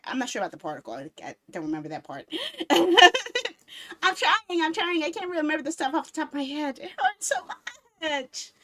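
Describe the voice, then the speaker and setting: Woman, 30s, high and unhurried, giggly streamer chatting casually and being silly. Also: a bit bright. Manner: giggly and rambling, laughs often; playful, silly baby talk. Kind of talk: casual chat.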